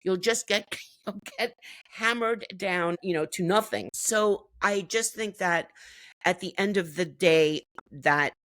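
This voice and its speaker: A woman's voice: mid-range voice, slow pace, a bit bright, no echo. A woman from the United States chatting enthusiastically as an interview guest, now and then laughing as she talks. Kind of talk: casual interview chat.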